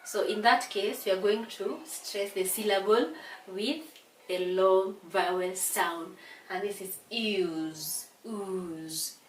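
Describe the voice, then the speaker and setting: A tired woman from Kenya teaching an English revision lesson, speaking slowly and repeating words to stress their syllables. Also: mid-range voice. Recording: echoey room from a distance, faint hiss.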